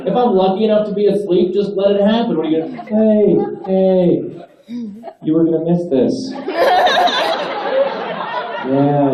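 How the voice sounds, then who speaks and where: A man's voice: on the high side, very noisy. Man, stand-up comic, exasperated ranting, distant dull recording, very echoey room, laughter behind. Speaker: stand-up comedian. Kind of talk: stand-up routine. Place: live comedy venue with audience. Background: audience laughter.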